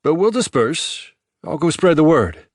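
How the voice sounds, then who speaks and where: A man voicing an earnest male camp leader who speaks up loudly and eagerly. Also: on the high side, very animated, a little slow, dry recording, studio quality, voice pushed up.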